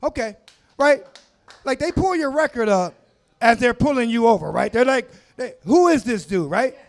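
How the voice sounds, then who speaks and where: A man in his forties tells crude stories on a comedy club stage, his voice very high and swinging widely in pitch. He talks loudly into a handheld mic and shouts his punchlines. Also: moderate pace, gravelly. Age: 40s. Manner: loud, crude, animated storytelling with shouted asides. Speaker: stand-up comedian. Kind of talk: stand-up comedy set.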